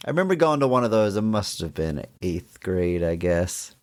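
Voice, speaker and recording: A man's voice: low-pitched, very animated, moderate pace, smooth, studio quality. A man in his thirties co-hosting a podcast, playfully telling an anecdote in casual chat. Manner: playful, echoes names for laughs, tells anecdotes. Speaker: podcast co-host.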